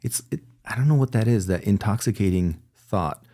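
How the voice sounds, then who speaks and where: The man being interviewed has a fairly low, warm voice and sounds animated, speaking at normal speed. As a guest he's earnest and candid, reflecting aloud, often restarting his sentences, correcting himself, and laughing a little.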